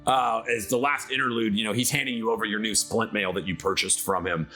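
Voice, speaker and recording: A man's voice: fairly low pitch, quick pace, soft background music. A man narrating a tabletop game as game master, casual and full of fillers. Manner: casual, filler-heavy, lively storytelling.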